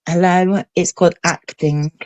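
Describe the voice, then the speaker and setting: A woman's voice: lowish voice, fairly even intonation, unhurried, a loud crowd. A woman in her thirties chatting on a livestream panel, defending herself with mild swearing. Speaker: panel guest. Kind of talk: casual chat.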